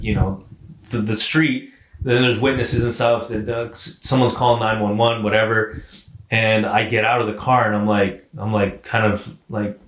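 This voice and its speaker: Low-voiced man telling a story, roomy room. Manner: animated, profane, repeats words and says "like" often. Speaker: podcast co-host. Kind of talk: casual storytelling.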